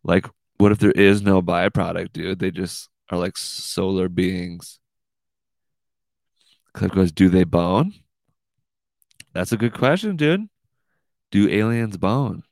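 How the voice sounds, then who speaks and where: A man's voice: low-pitched, animated, slow pace, gravelly, long pauses, darkish tone, dry recording. A man hosting a casual livestream podcast, rambling and swearing, saying "dude" a lot. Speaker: podcast host.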